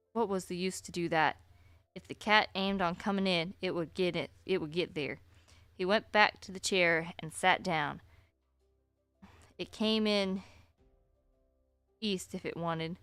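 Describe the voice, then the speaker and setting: A woman streamer reading a story aloud at a slow, deliberate pace, with chatty asides. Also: lowish voice, a bit bright, clear, resonant tone, dry recording.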